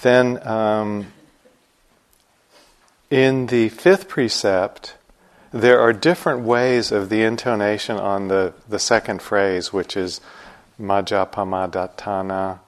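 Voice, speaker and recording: A man guiding a meditation group before chanting, explaining patiently with gentle humor. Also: on the low side, slow. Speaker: meditation teacher.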